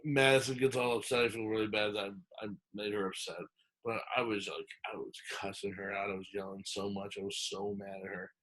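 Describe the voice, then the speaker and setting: A man's voice: on the low side, brisk. A man on a podcast telling a long story in a casual, rambling way, acting out the lines he quotes and full of fillers and restarts. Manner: animated retelling, acts out quoted lines.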